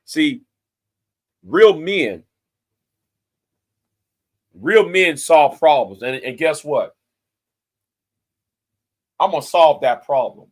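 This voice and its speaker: A man's voice: a little high, animated, extremely slow, long pauses. A man in his forties giving a confrontational, threatening rant straight to the camera, profane and repeating himself for emphasis. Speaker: YouTube commentator. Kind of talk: angry direct-to-camera rant.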